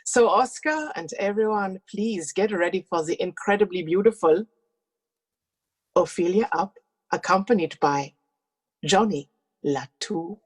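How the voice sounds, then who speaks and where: A woman's voice: medium pitch, measured pace, long pauses, slightly rough. A woman hosting a streamed cabaret, introducing the next act in a playful, teasing, flirtatious manner. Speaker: host.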